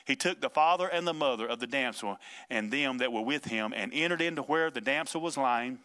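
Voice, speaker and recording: Bright-voiced folksy man preaching. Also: medium pitch, a little fast. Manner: folksy, vernacular, emphatic, chuckles between points. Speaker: pastor. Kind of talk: informal preaching on a podcast.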